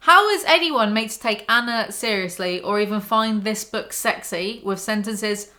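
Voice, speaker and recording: A woman's bright, forward voice cuts through her reading of a bad novel. She keeps breaking off into sarcastic, exasperated commentary. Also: medium pitch, moderate pace. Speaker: YouTuber.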